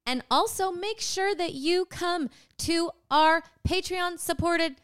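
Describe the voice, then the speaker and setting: A middle-aged woman co-hosting a podcast, bantering playfully with her co-host, laughing often and drifting into quick tangents. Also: very high voice, fairly bright tone, dry recording, clean studio sound. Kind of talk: casual banter between comedians.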